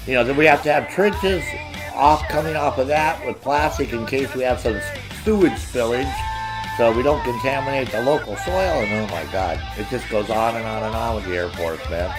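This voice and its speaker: A man telling profane, loud stories as a streamer, mocking others in high voices. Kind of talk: profane casual storytelling.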